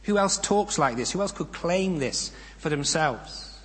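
Male preacher, slightly high voice, measured and emphatic, rhetorical questions, long church-hall reverb. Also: expressive. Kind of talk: sermon.

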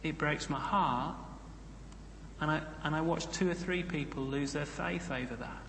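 A man's voice: a little high, unhurried, gravelly, fairly bright tone, a little hiss or hum. Man preaching in an echoey hall. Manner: conversational, with humorous asides. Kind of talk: sermon. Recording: echoey hall, roomy reverb.

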